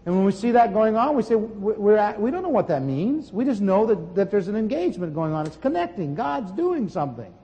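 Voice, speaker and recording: A man preaching a sermon and telling healing stories in an animated way, with sudden shouts. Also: high voice, brisk, few pauses. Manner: animated storytelling, bursts of shouting. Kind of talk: sermon teaching with testimony. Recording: long hall reverb.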